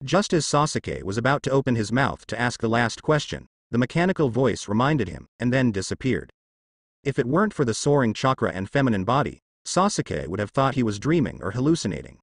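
A man narrating a story in an even reading with stilted phrasing. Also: mid-range voice, a little fast, no room sound, clean studio sound.

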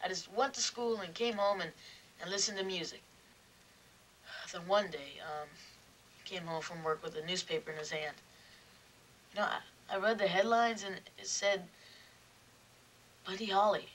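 A young actor playing a shy teenage boy from Brooklyn who talks in a hesitant, halting way, in a film drama. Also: high voice, steady tone, a bit bright, recorded from a distance, slight background noise, poor audio. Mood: earnest. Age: teen. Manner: hesitant, halting, lots of ums. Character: shy Brooklyn teen boy, music fan. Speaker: fan club president.

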